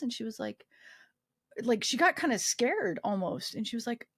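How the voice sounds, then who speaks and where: A woman's voice: a little high, expressive, a little fast, creaky, a bit bright, husky, dry recording, clean studio sound. A woman guest recounting a personal story in a casual interview, acting out the quoted dialogue and swearing freely. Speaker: guest, army veteran.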